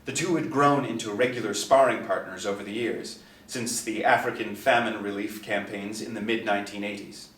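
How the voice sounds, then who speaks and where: Low-voiced man reading a novel. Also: steady tone, normal speed, a bit bright. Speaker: narrator. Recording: echoey, distant mic.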